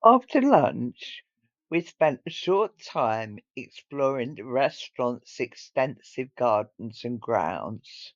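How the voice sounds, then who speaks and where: A man narrates a cruise travel vlog in an unhurried, measured voice-over with a lively rise and fall in pitch. The sound is slightly dull and lo-fi.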